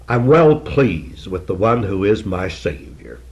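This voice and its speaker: A man's voice: lowish voice, lively intonation. Older man preaching an earnest sermon. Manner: earnest, emphatic, with repeated phrases and slow stresses.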